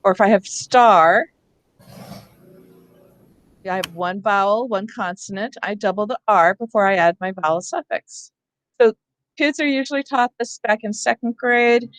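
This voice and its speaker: A woman's voice: mid-range voice, a little slow, pauses often, no echo. Casual woman leading a teacher workshop. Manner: casual, conversational teaching with asides. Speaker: literacy teacher trainer. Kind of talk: professional development lecture.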